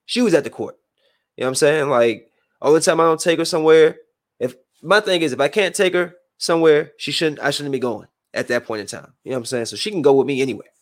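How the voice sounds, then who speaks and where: A young man venting to his viewers in a heated, rambling monologue that swings between low brooding and loud outbursts. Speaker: vlogger.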